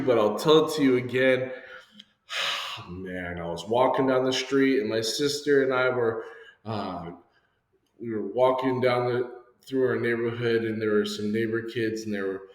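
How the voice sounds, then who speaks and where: Animated man teaching in an echoey hall. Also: on the low side. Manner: animated storyteller who acts out voices. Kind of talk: lesson with a personal story. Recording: echoey hall with long reverb.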